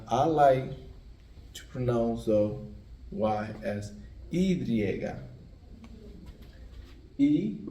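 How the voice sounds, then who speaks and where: A man, teaching the alphabet by slowly repeating each letter sound. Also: mid-range voice, mellow. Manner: slow, repetitive letter drilling. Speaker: language teacher. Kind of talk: spelling out the Spanish alphabet. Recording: echoey room, mic at a distance.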